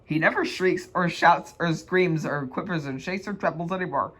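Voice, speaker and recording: Man, amateur storybook read-along, slightly high voice, giggly, stumbling reading. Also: normal speed, a bit bright. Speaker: reader.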